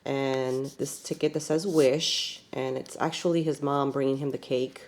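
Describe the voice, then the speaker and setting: Very low-voiced woman chatting about crafts. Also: fairly even intonation, a little slow, a little mellow. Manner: chatty, rambling, many fillers. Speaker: scrapbook crafter. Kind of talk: casual show-and-tell.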